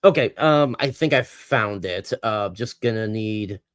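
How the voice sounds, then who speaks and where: Speaking low and unhurried but animated, a man hosts a relaxed livestream chat in clean, dry studio sound. He meanders and hesitates, filling gaps with ums, restarting sentences, and laughing at his own expense.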